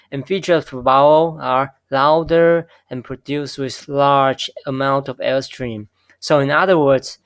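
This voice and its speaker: A man giving a recorded linguistics lecture, explaining slowly and correcting himself often. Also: mid-range voice, fairly bright tone, smooth, dry recording. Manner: slow, self-correcting explanations with frequent okays. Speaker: linguistics instructor.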